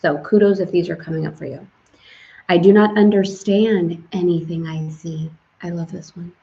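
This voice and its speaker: A middle-aged woman hosting a casual spiritual live stream, chatty and lively, sprinkling in French greetings. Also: lowish voice, normal speed, creaky. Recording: slightly dull stream audio.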